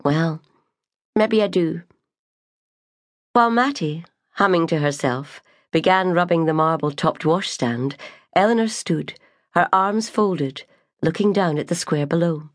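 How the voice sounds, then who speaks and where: A woman narrates an audiobook in a measured, gentle way. Her voice is slightly low and sits close and dry on the mic. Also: lively intonation, dry recording. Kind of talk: scripted narration.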